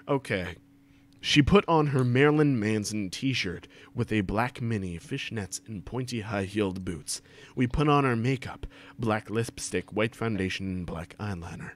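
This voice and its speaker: A man's voice: on the low side, moderate pace. A man giving an over-the-top comic reading aloud to friends, stumbling and swearing for laughs, on a desk mic during a voice call. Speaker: reader of a fan fiction for friends.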